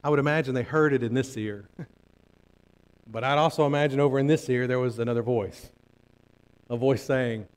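A man preaching a sermon in church, swinging from hushed asides to loud emphatic repetition and asking the congregation rhetorical questions. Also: medium pitch, steady tone, a little fast, pauses often, smooth.

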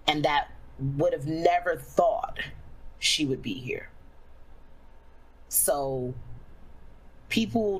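This streamer, a young adult woman whose voice sits low, recounts something personal in a candid, casual manner. Fillers crowd her speech, she slows when reflecting, and the recording is low quality.

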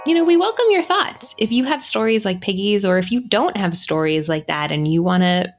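A woman co-hosting a podcast in casual chat, earnest and emphatic, quick to laugh. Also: medium pitch, expressive, music in the background. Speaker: podcast co-host.

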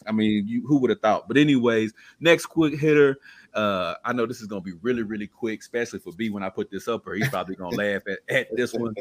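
A man's voice: lowish voice, fast, no echo. A man hosting a casual sports podcast, leading the segments in a laid-back way. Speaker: podcast host.

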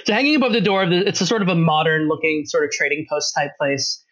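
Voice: medium pitch, fast, a bit bright, muffled recording. A game master narrating a tabletop game in a rambling, laughing way with many fillers.

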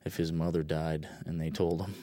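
A man with an extremely low, mellow voice speaks flatly at a moderate pace, with no room sound at all. Commenting on a film he directed, he drifts from point to point, laid-back and blunt, with plenty of fillers.

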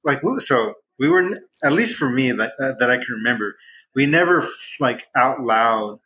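Young man, podcast guest, casual chat, rambling storyteller, bright tone, faint background noise. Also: medium pitch, normal speed, low-quality recording. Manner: rambling storyteller with restarts, voices excited quotes.

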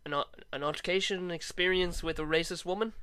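A man with a slightly raised pitch, co-hosting a casual podcast. He teases the others and keeps the conversation moving. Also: steady tone, quick pace, bright, forceful tone, smooth, no echo. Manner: teasing, steers the conversation. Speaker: podcast co-host. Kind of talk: casual chat.

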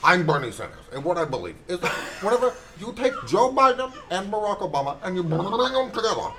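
A man putting on the voice of an older male politician, rambling in a high, strained tone. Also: sing-song, fast, background noise. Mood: excited.

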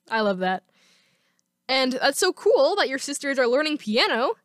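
A woman's voice: high voice, expressive, normal speed, fairly bright tone, no echo. Chatty woman podcast host, dry sound. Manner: chatty and enthusiastic. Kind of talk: casual solo podcast talk.

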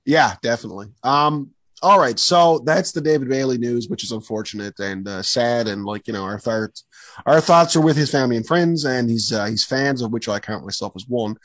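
Rambling podcast host. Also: male voice, mid-range voice, animated, a little fast, a bit bright, no echo. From Canada. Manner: rambling, enthusiastic, with many fillers. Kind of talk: casual podcast chat.

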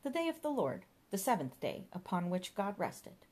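Woman reading as eccentric fussing mum, chatty, dotty, sing-song pitch. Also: big pitch swings, normal speed, a little mellow. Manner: chatty, dotty, matter-of-fact. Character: eccentric fussing mother, middle-aged.

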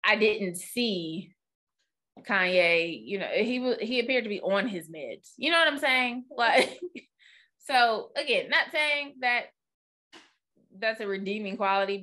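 A woman's voice: medium pitch, expressive, a little slow, pushed and bright. A woman co-hosting a podcast, chatting casually and rambling with fillers and asides. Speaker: podcast co-host. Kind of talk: casual chat.

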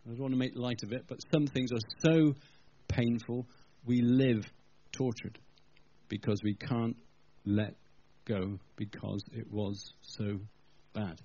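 A husky-voiced man delivers a sermon in a chatty, storytelling manner and turns often to talk straight to his listeners. His voice sits at an ordinary middle pitch. The recording sounds dull and lo-fi. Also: steady tone, slow pace, dark tone. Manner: conversational, storytelling, addresses the congregation directly. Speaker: preacher.

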